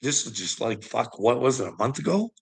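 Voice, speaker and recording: A man's voice: mid-range voice, animated, a little fast, creaky, slightly rough. A middle-aged man in a swearing, ranting monologue who taunts his listener as "bud" and keeps breaking into laughter. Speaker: vlogger.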